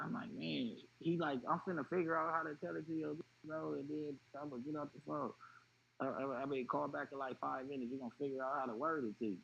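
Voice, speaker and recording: A man telling a personal story in an interview, animated and acting out what others said. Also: medium pitch, gravelly, breathy edge, lo-fi sound. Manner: animated retelling, acting out quoted voices. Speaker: interview guest.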